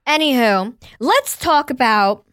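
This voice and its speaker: A woman's voice: high voice, very animated, slow, a bit bright, dry recording, clean studio sound. A woman in her thirties co-hosting a casual chat podcast, blunt, teasing and profane. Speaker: podcast co-host.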